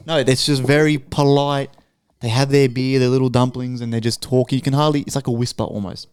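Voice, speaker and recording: An Australian man talking loudly and swearing freely, with jokey banter, as a guest on a podcast. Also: mid-range voice, fairly even intonation, brisk, clean tone, no echo, studio quality. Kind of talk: casual podcast chat.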